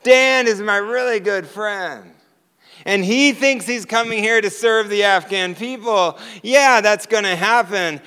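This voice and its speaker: Jesus figure, eager and gushing, high bright voice, put on by a preacher, hall echo. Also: male voice, unhurried, smooth. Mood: excited. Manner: excited, gushing. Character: eager joyful male Jesus awaiting his friend.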